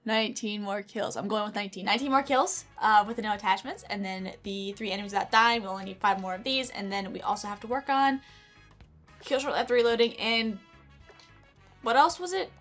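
A woman streamer giving excitable, chatty commentary over her own gameplay, often gasping and exclaiming. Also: medium pitch, fairly quick. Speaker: gaming streamer. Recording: game music and gunfire behind.

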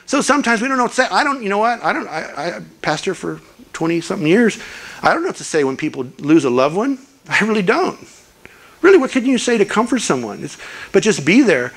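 An older man preaches at a church, his voice sitting high for a man. He tells stories earnestly and slips into lively voices for the people he quotes. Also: quick pace. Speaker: guest preacher. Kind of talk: sermon.

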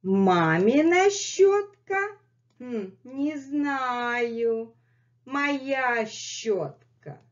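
A woman voicing a stubborn, possessive pet puma that answers slowly with high, teasing questions. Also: animated, exaggerated voice. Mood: coy teasing. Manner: slow drawn-out teasing replies with high squeaky questions. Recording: dull lo-fi sound.

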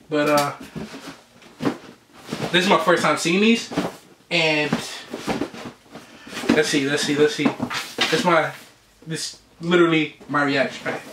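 A man's voice: a little high, very noisy. Heated slangy man in a roomy room. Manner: heated, slangy, repeats himself. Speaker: sneaker vlogger. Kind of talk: casual unboxing rant.

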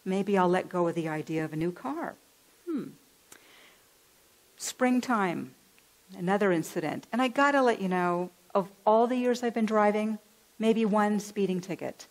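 Woman minister from California, lively storytelling sermon delivery. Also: medium pitch, normal speed, low-quality recording. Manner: animated, acts out voices in her stories. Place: church.

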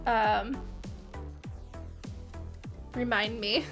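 Woman, livestreamer, bubbly, giggly, high voice, faint music behind. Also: steady tone, extremely slow. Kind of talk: casual crafting livestream chat.

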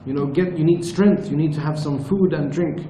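A man's voice: a little high, normal speed, warm tone, roomy sound, a little hiss or hum, lightly acted, rough recording. A man retelling the words of a worried mother urging her wounded son, in his own voice.

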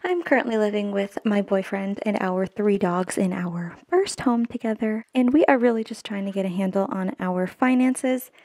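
A woman's voice: medium pitch, normal speed, few pauses, darkish tone. Bubbly young woman counting cash. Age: 20s. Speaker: budgeting vlogger. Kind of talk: casual chat to camera.

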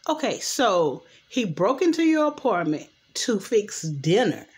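A woman's voice: medium pitch, sing-song, unhurried, husky. A young adult woman chatting at home in a loose, rambling way, recapping a TV episode and often saying "anywho.". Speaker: TV recap vlogger. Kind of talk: casual recap chat. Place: home at night. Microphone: camera mic.

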